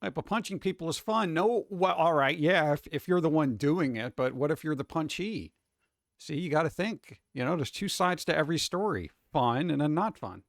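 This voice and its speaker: A man's voice: fairly high pitch, expressive, normal speed, dry recording, clean studio sound. A man streaming live, rambling casually and greeting chat viewers one by one.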